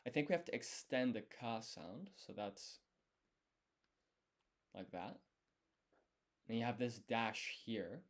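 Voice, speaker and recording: A man streaming his language study thinks aloud, explaining each step and quizzing himself under his breath. His medium-pitched voice moves slowly, with big pitch swings and long pauses.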